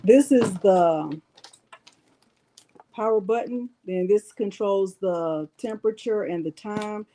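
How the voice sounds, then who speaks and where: Chatty woman, mellow voice. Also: medium pitch, slow. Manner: chatty, addresses viewers as y'all. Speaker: crafting livestream host. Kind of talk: casual live demo chat.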